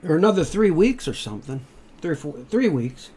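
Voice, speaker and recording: A man's voice: on the high side, a little fast, husky. A middle-aged man chatting casually, telling rambling stories, swearing freely. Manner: storytelling, swearing freely, rising loud when excited. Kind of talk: casual chat.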